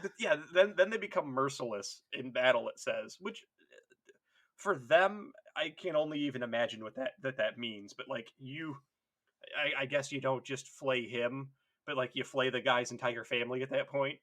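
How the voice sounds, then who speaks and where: A man co-hosting a casual comedy podcast, animated and swearing, laughing often as he acts out bits. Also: medium pitch, moderate pace. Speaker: podcast co-host.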